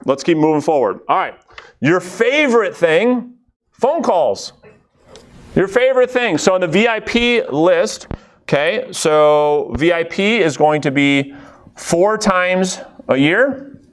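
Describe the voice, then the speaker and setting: A man with a fairly high-pitched voice runs a live coaching session for real estate agents. He's energetic and conversational, checking in with the room and acting out quick snippets of quoted dialogue.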